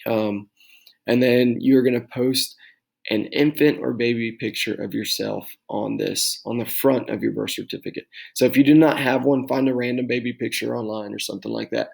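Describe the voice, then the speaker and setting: A man's voice: mid-range voice, fairly even intonation, normal speed, vocal fry, a little mellow, poor audio. A young man from Texas, a teacher giving recorded class instructions from his home office, talking casually with lots of ums and okays.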